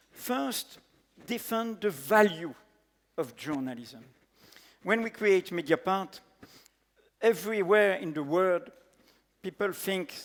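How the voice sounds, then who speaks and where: A man with a French accent, a native French speaker, giving an earnest, emphatic panel talk in halting English with many fillers. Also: high voice, creaky. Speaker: panel speaker, editor-in-chief. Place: large conference hall. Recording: echoey conference hall.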